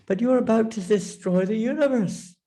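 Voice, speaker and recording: A man voicing an enraged goddess, a divine wife demanding her share, in a raised, shrill voice during a spiritual class. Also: moderate pace, natural voice, low-quality recording. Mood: pleading. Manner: shrill pleading turning to furious shouting.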